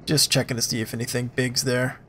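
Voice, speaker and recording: A man hosting a let's play, reading game text aloud and thinking out loud in a relaxed, casual way. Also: medium pitch, fairly quick, slight background noise.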